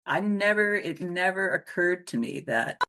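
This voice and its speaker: A woman's voice: lowish voice, a little slow. A middle-aged woman from Wisconsin, a coach and interview guest, telling stories from her life and acting out the voices of the people in them. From Wisconsin, USA. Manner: animated storyteller who acts out voices. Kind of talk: storytelling in a conversational interview.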